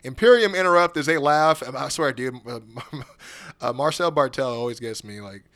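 A man recapping wrestling in casual podcast chat, animated, laughing often and mimicking wrestlers' promos. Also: medium pitch, normal speed. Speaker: podcast co-host.

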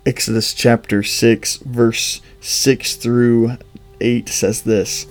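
A man's voice: mid-range voice, flat delivery, very slow, soft background music. A man hosting a devotional podcast, reading scripture and reflecting in an earnest manner with emphatic repetition.

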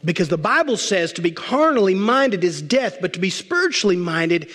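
High-voiced preacher in an echoing hall. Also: male voice, very animated, a bit bright. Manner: emphatic, with repeated lists and slowed words for stress. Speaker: pastor. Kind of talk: sermon. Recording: long reverb of a large hall.

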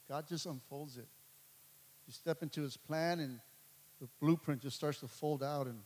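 A man preaching a sermon to his congregation, repeating phrases and building to loud, impassioned peaks. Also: mid-range voice. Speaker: pastor. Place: church hall. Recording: long reverb of a large hall.

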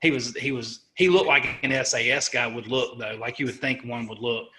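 A middle-aged man from the United States, a sergeant being interviewed, telling a personal war story in an earnest, halting way, often restarting and correcting himself. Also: mid-range voice, steady tone, bright, forceful tone. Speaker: interview guest, army sergeant.

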